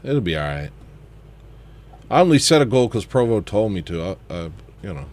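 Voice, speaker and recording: A man with a fairly low, sing-song voice hosts a casual livestream at normal speed, chatting about his music. His talk rambles, trailing off and then circling back to restart his thoughts.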